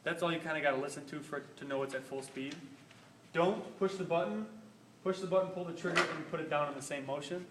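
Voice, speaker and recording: A young shop safety instructor with a slightly high, somewhat bright voice talks fast while casually demonstrating band saw safety in a school workshop, moving around the machine as he explains. His manner is informal, and he keeps repeating "basically" and "rule of thumb". A distant camera microphone picks him up, so the audio sounds roomy and carries slight background noise.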